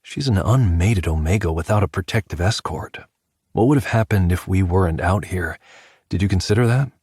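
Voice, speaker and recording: A stern alpha leader barks orders at speed, his temper barely held, as a man acts him out. The voice sits very low and the recording is dry and close. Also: normal speed, darkish tone, husky, no room sound. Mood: furious. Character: commanding male alpha leader, furious and stern.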